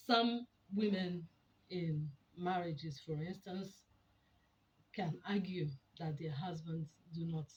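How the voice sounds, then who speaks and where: A woman with a fairly low voice gives an emphatic, teacherly talk on communication in marriage. She asks her listeners rhetorical questions. The recording is dull and lo-fi, with a faint hiss behind her. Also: mellow. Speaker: relationship speaker. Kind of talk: motivational talk. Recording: dull lo-fi sound with faint noise.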